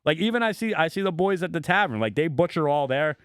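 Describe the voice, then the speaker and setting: A man's voice: a little high, lively intonation, fast talker, clean tone, no echo, studio quality. Rambling man with a bleak, joking streak. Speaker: podcast co-host. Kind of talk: casual chat.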